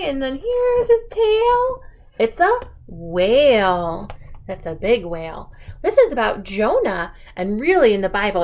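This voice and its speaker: Slow, sing-song woman reading to a child. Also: high voice. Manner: sing-song, animated, slow and coaxing, asks the child questions. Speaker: children's storyteller. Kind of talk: reading a picture book to a child.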